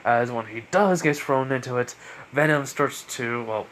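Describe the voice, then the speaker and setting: A man's voice: medium pitch, normal speed, a bit bright, slight background noise. A man casually narrating a fan story, rambling with many fillers.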